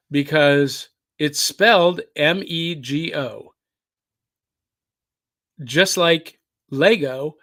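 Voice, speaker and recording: A man's voice: on the high side, fairly bright tone, no echo. A man hosting a podcast on a live stream, chatting casually and reading viewer comments aloud. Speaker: podcast host.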